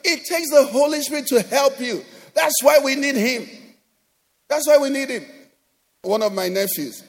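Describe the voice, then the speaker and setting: A man with a Nigerian accent preaching a sermon as pastor, animated, acting out quoted voices and often asking "do you understand?". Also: extremely high pitch, normal speed. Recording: long hall reverb.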